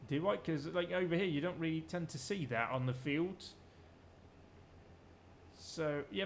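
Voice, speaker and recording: A man's voice: fairly high pitch, normal speed, a little hiss or hum. A man giving rambling, jokey let's-play commentary while streaming a farming game, swearing freely.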